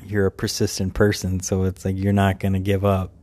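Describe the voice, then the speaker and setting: A man co-hosting a podcast who talks calmly and reflectively and often chimes in with agreement. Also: sits low, brisk, a little hiss or hum. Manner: calm, reflective, with agreeing interjections. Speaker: podcast co-host. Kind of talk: casual conversation.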